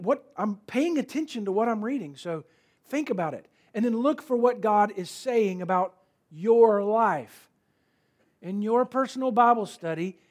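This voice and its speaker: A man's voice: sits high, darkish tone. A man preaching a sermon in a conversational, emphatic way, repeating key words for stress. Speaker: pastor.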